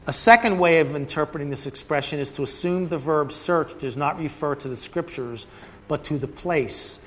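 A man's voice: on the high side, normal speed, a bit bright, a little hiss or hum, low-quality recording. A man teaching a Bible study, reading passages aloud and breaking off to explain them in his own words, with restarts and asides.

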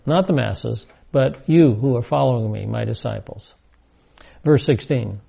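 A man teaching a Bible study lecture, speaking deliberately and emphatically, repeating key words. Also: medium pitch, gravelly, mellow, muffled recording.

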